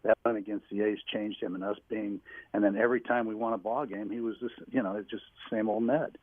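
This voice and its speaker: A man phones in from a small home office and tells long anecdotes, circling back and restarting as he goes. His voice sits low with a husky edge. The line is tinny and dry, like a phone call. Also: steady tone, quick pace, dry recording. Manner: rambling storyteller with restarts. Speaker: guest telling stories, former team staffer. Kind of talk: phone-in radio interview, anecdotes.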